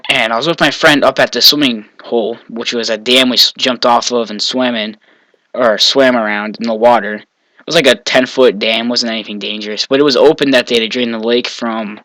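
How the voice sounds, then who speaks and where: A man's voice: medium pitch, steady tone, normal speed, pushed and bright, dry recording, low-quality recording. A young man from Maine telling personal stories in a casual, rambling way, often correcting himself and chuckling between lines. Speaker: vlogger. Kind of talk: casual storytelling.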